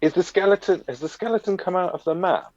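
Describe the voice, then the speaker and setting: A man's voice: sits high, expressive, fast talker, darkish tone, dry recording. Dry-witted man telling stories, dull home mic. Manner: dry wit, rambling storytelling with hesitations. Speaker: podcast co-host. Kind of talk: casual comedic live-stream chat.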